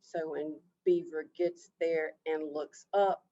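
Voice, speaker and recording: Woman, oral storyteller, folk tale, slow, expressive, muffled lo-fi recording. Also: deep voice. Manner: expressive, drawn-out storytelling with repetition. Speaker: storyteller, Native education coordinator.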